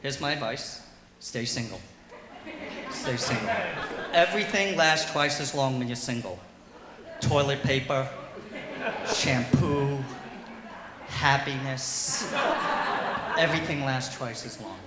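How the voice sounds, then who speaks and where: A man doing a stand-up comedy set in a brewery, animated and slipping into loud yelling voices for his bits. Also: medium pitch, measured pace, pauses often, a crowd in the background. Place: brewery comedy stage, roomy hall. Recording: echoey hall recording.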